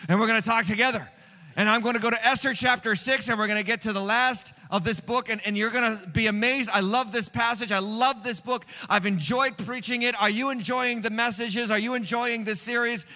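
A man preaching a sermon as pastor, energetic, drawing out phrases and calling on the congregation to respond. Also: very high-pitched. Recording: reverberant hall sound.

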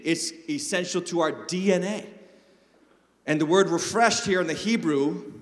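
A man preaching a sermon as pastor, in a conversational, joking storytelling manner. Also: fairly high pitch. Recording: long reverb of a large church hall.

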